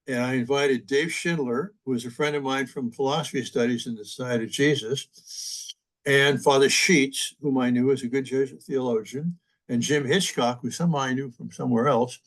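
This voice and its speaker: An older man, a priest, telling stories from his life as an interview guest. He speaks in a relaxed, humorous, reminiscing way at a middle pitch. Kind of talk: anecdotal storytelling in conversation.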